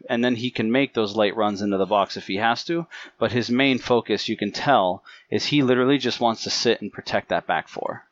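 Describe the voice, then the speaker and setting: A man on a casual football podcast, explaining tactics at length in a relaxed, analytical way. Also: fairly low pitch, no echo, lo-fi sound. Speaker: podcast co-host.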